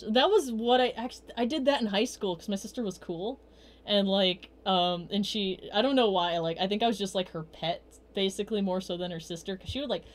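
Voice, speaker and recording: Chatty young woman rambling through stories. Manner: rambling, chatty, many fillers and restarts; quotes herself in bursts of higher voice. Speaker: livestream host. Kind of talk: casual storytelling chat.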